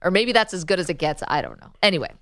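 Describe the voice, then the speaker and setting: A woman's voice: lowish voice, lively intonation, very fast, a bit bright. A woman hosting a sports talk radio show, playful and opinionated in casual banter. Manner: playful, opinionated, laughs easily.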